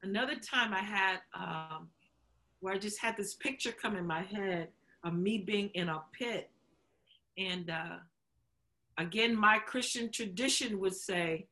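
Speaking with a measured pace and a bright, forceful tone at medium pitch, a female show host opens up about her own story. The conversation is candid; she laughs a lot, performs the quotes and gets choked up along the way.

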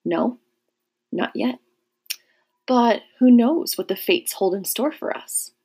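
A woman's voice: a little high, animated, measured pace, voice pushed up. A woman voicing Glaucus, sly young nobleman. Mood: softly menacing. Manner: smooth, mocking, turning quietly menacing. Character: charming, scheming young Roman nobleman. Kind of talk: audiobook character reading.

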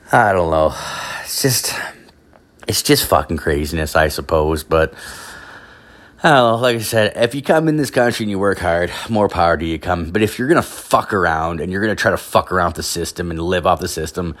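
A man's voice: sits low, lively intonation, moderate pace, long pauses, a bit bright. A man ranting casually, rambling with constant filler words and heavy swearing. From Canada. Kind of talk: profane casual rant.

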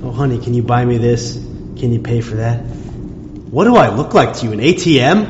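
A man's voice: mid-range voice, animated, moderate pace, lightly acted. A man playing a bitter, resentful husband. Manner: bitter, sarcastic, rising to angry outbursts. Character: resentful working husband scolding his wife. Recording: dull muffled sound, long reverb, faint room noise.

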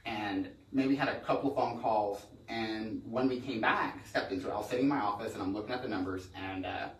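A lowish, somewhat bright voice belongs to a middle-aged real estate man telling fast, rambling tales on a casual podcast and often starting sentences over. The recording has a little hiss or hum, an echoey room and a mic placed at a distance.

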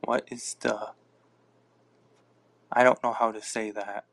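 Slow-talking man rambling on a podcast. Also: lowish voice, flat delivery, creaky. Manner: rambling, reacts to listener comments aloud. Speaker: podcast host. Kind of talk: casual live chat. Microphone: phone.

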